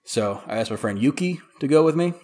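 A man's voice: medium pitch, lively intonation, brisk, a little mellow. A man who is a podcast guest, chatting casually and telling rambling stories full of "like.". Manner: rambling storyteller, heavy use of "like". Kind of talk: casual chat.

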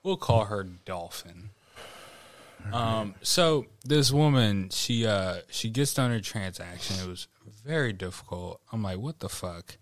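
A man's voice: on the low side, expressive, measured pace, no echo. A man in casual podcast chat, telling a work story with lots of swearing, laughter and acted-out quotes. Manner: profane, laughing storyteller who acts out quotes. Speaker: podcast guest.

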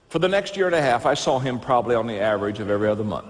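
A man's voice: medium pitch, quick pace, pauses often, in a large hall. A man preaching, telling stories and acting out the dialogue in them. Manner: lively storyteller who acts out dialogue. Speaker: Christian speaker. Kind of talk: storytelling sermon.

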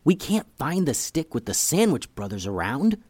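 A man voicing an eager, scheming young boy in a storybook reading, talking fast and persuasively. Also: a little high, very animated, a little mellow, breathy edge, no room sound, voice pushed up.

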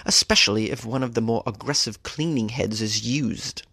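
A man's voice: medium pitch, normal speed, vocal fry, pushed and bright, slightly rough, no echo, heavily acted. A man voicing a prim female British gynecologist in an exaggerated mock British accent, relishing each word. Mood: prim warning. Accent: mock British put on. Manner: exaggerated posh, relishing words.

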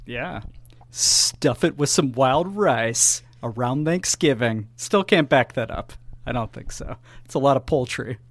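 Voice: medium pitch, expressive, unhurried, dry recording. A sports podcast co-host chatting casually, laughing often and swearing now and then.

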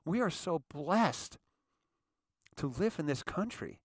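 A man's voice: fairly high pitch, big pitch swings, takes it slowly, dry recording, studio quality. Rambling man hosting a monologue show. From United States. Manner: rambling, many restarts and repeated words. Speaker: show host. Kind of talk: casual monologue.

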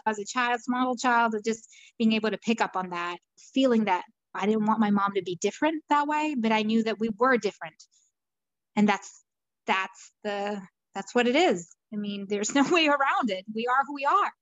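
A woman's voice: a little high, moderate pace, fairly bright tone, dry recording, lo-fi sound. A middle-aged woman from Peru, a guest, telling her story thoughtfully with frequent fillers and restarts. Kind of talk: reflective conversational storytelling.

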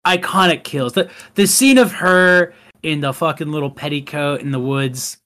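A man's voice: fairly high pitch, moderate pace, pushed and bright. A man co-hosting a podcast, chatting casually about a film in a rambling way with many fillers. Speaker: podcast co-host. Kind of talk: casual chat.

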